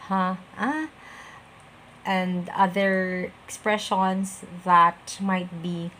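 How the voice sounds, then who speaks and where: A woman with a Filipino accent gives a communication skills lesson, explaining each point step by step in a polite, instructional way. Her voice sits at an ordinary middle pitch for a woman. A faint noise runs under the recording. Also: a bit bright. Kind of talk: instructional lesson mixing English and Tagalog.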